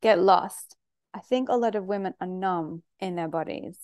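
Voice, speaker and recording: A woman hosting a podcast interview who tells personal stories in an animated, candid way with frank language. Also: on the low side, normal speed, no room sound. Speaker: podcast host.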